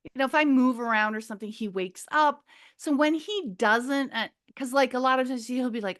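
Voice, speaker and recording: Middle-aged woman, from Minnesota, high voice, rambling storyteller, acts out what people said. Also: moderate pace. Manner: rambling, animated, searches for words, acts out quotes. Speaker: podcast guest. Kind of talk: casual storytelling.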